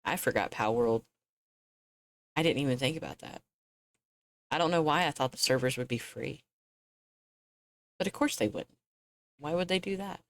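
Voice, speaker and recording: A woman's voice: a bass voice, lively intonation, normal speed, long pauses. A young woman streaming a game, chatting casually with her viewers and laughing often as she plays. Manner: chatty, laughs often, talks to chat and to herself. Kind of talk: casual live-stream chat while gaming.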